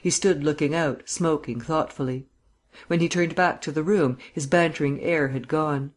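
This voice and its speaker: A man narrating an audiobook in a measured, even reading. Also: fairly high pitch.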